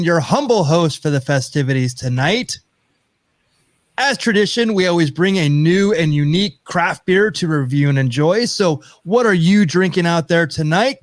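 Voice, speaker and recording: A man with a fairly high voice hosts a casual podcast in an upbeat, welcoming tone, dropping in light chuckling asides. The sound is dry and close, with no room around it. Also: animated, normal speed, no room sound. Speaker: podcast host. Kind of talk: casual chat.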